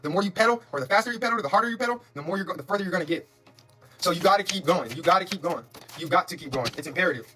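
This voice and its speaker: A man doing a live-streamed tarot reading, talking in quick, repetitive, emphatic bursts with preacher-like spiritual affirmations. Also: high-pitched, faint music behind. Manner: fast, repetitive, emphatic and excitable. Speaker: tarot reader.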